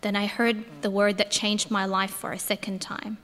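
A woman with a natural, medium-pitched and fairly bright voice reads in a church as Mary Magdalene, telling in the first person of her grief turning to joy. She speaks at a normal speed with little pitch movement, her heartfelt storytelling awed and tearful, echoing through the hall.

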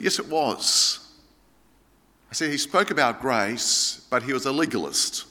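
A man, a pastor preaching a sermon with animated emphasis that rises high and drops low. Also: moderate pace. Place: church hall. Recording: long hall reverb.

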